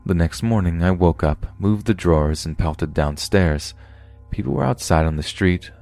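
A man, the host of a podcast, reading a scary true story aloud with steady, measured delivery. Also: low voice, vocal fry, soft background music. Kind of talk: horror story narration.

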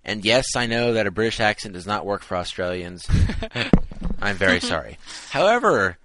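A man's voice: on the low side, moderate pace, sharp tone, slight background noise, rough recording. A young man hosting a podcast who reads out announcements in an upbeat, casual way. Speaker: podcast host.

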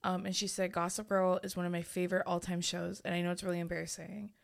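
A woman's voice: lowish voice, little pitch movement, fast talker, creaky. A young woman co-hosting a podcast, chatting casually, laughing often and putting in short remarks. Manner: laughs often, brief interjections. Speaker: podcast co-host. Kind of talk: casual chat.

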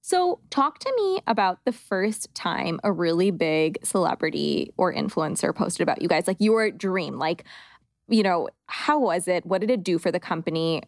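Easygoing lady hosting a podcast, lowish voice, dry sound. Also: normal speed, no echo. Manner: relaxed, conversational, laughs easily. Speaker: podcast host. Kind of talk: casual interview chat.

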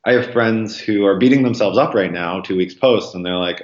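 A man talking as a podcast guest, rambling casually with lots of ums and likes, acting out quoted voices. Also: fairly quick. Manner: acts out quoted voices with jumps in pitch. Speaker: podcast guest, marathon runner. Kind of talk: casual interview conversation. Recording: roomy, slightly dull sound.

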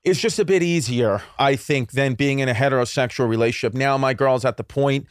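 A man's voice: medium pitch, brisk, clean tone, no echo, clean studio sound. A man in his thirties from New York, a comedian telling rambling, jokey stories in casual podcast chat. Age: 30s. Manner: rambling, animated storyteller with jokey asides. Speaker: guest comedian.

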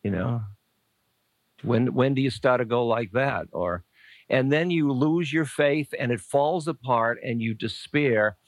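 An older man teaching spirituality to a live audience, talking in a loose, playful, searching way. His voice sits at an ordinary middle pitch, and the recording is dry and close with little room sound. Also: measured pace, no echo. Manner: conversational, playful, searching, with asides and chuckles. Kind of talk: live dharma talk answering questions.

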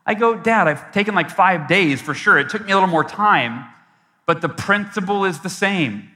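Bright, animated motivational speaker man. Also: high-pitched, moderate pace. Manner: storytelling, acts out his own past voice with big swings. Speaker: keynote speaker. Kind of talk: motivational keynote speech. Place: large event hall. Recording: long hall reverb from a live event.

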